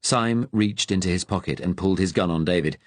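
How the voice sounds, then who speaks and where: A man narrating a wartime thriller audiobook in a steady, measured way. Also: deep voice, no room sound.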